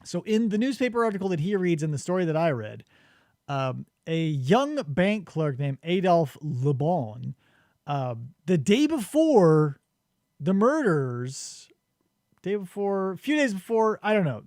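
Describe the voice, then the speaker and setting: A man's voice: high voice, a little slow, no room sound, clean studio sound. A man co-hosting a podcast, chatting casually and comically about a book, swearing and acting out quotes. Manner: animated, swearing, acts out witness quotes. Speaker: podcast co-host. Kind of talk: casual comedic book discussion.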